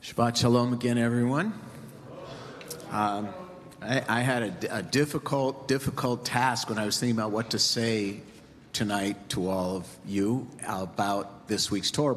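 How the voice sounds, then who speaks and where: A man's voice: fairly low pitch, normal speed. A man giving a sermon as a rabbi, in a conversational, joking storytelling way, in a temple sanctuary. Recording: reverberant hall, faint ambience.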